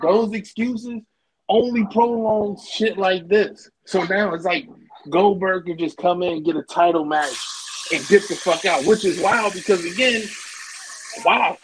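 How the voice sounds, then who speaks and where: A man's voice: high-pitched, a little slow, low-quality recording. A man co-hosting a casual wrestling podcast, ranting bluntly with lots of profanity. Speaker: podcast co-host.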